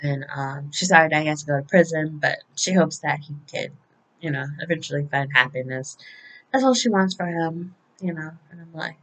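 A woman's voice: deep voice, normal speed, fairly bright tone, rough recording. A woman casually recapping a week of soap opera episodes, chatty and often laughing, with occasional swearing.

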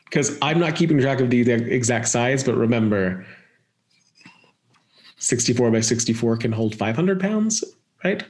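A man running a tabletop game as game master, relaxed and chatty as he describes the scene. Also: medium pitch, a little slow, long pauses, slight background noise.

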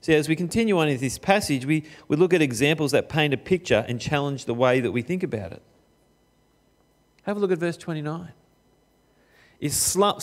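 A middle-aged man giving a sermon, his voice sitting a little above the usual male range. He talks the way people chat, asking the congregation direct questions. His pitch swings up and down, and he sometimes slows right down to stress a point. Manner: conversational preaching, asks the listeners questions directly; lively swings of pitch, sometimes slow and emphatic. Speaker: pastor.

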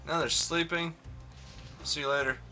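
A man's voice: on the high side, steady tone, normal speed, pushed and bright, faint music behind. A young man giving casual, rambling, self-mocking commentary while playing a video game, swearing freely. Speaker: let's play commentator.

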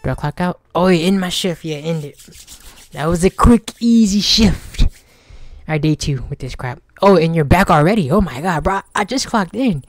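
A man's voice: fairly high pitch, moderate pace. A young man giving casual let's-play commentary, joking and talking back to the game's characters. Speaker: gaming streamer.

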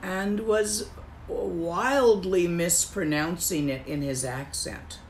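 Woman as Buddhist teacher: unhurried, gravelly, calm emphatic repetition. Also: fairly low pitch, a little hiss or hum. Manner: calm, emphatic, repeats key phrases. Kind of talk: slow, deliberate dharma teaching.

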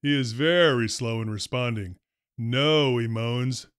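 A man, a former school principal, tells stories from his career in a wry, deadpan first-person narration. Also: medium pitch, normal speed, no room sound. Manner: dry, wry humor, deadpan delivery.

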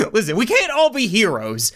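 A gaming YouTuber giving joking, sarcastic gameplay commentary with quick asides to the game characters. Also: medium pitch, wildly swooping pitch, a bit bright, slight background noise.

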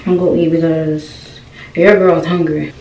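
A woman's voice: sits low, little pitch movement, normal speed, darkish tone. A young woman vlogger giving a casual hair tutorial, chatting away and constantly checking in with her viewers. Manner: chatty, keeps asking viewers "y'all" questions. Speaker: beauty vlogger. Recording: roomy, distant with faint noise.

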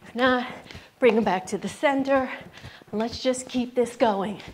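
An upbeat woman with a slightly high voice coaches a rebounding workout, calling out cues and counting down reps. She speaks in an unhurried, drawn-out way while bouncing along herself. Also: a little hiss or hum. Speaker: fitness instructor.

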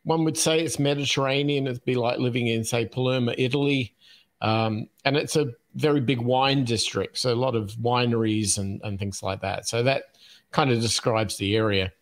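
An Australian man in his fifties, a podcast guest telling his life story in an unhurried way, with plenty of ums and uhs and easy chuckles. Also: mid-range voice, steady tone. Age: 50s. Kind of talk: casual storytelling interview.

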